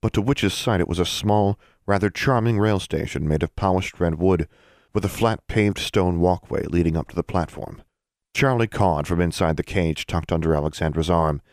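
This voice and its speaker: A man narrating a fantasy novel for a podcast in a steady, even reading style. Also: sits low, moderate pace, no room sound, clean studio sound. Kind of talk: scripted narration.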